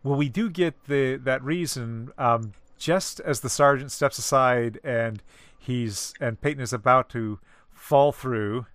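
A man in a casual literary discussion, explaining at a measured, careful pace and pausing to find his words. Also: medium pitch, a bit bright, no room sound. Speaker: discussion co-host.

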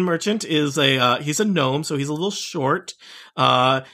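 A man running a tabletop game as its game master, rambling through his narration with many restarts. His voice is bright and sits a little high. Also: moderate pace. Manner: rambling, full of fillers and restarts.

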